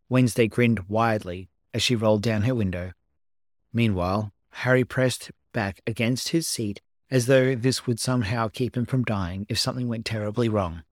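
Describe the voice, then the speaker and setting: A man narrating a story as an amateur audiobook reading, at a steady, unhurried storytelling pace. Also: medium pitch, no echo, clean studio sound.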